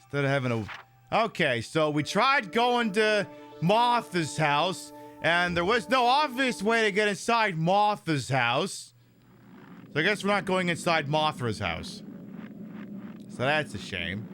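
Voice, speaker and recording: A man's voice: high-pitched, big pitch swings, measured pace, pushed and bright, soft background music. A man hosting a game stream, rambling and joking casually, swearing freely as he plays. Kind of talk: casual gameplay commentary.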